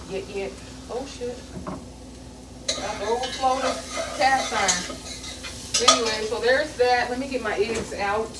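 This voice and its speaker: A woman's voice: fairly high pitch, slow, pauses often, heavy background noise. Middle-aged woman, casual cooking chatter, earthy and salty-tongued, roomy kitchen echo, voice off-mic, pans sizzling. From American South. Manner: chatty, earthy and profane, with folksy grammar and storytelling tangents. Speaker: home cook vlogger. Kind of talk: casual cooking vlog chat. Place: home kitchen. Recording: echoey kitchen, mic at a distance, sizzling pan.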